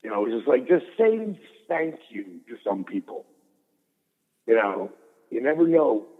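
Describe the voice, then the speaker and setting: Animated man storytelling over a phone line. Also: mid-range voice, unhurried, husky, long reverb tail. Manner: animated storyteller, swears freely. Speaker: guest. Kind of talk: storytelling interview.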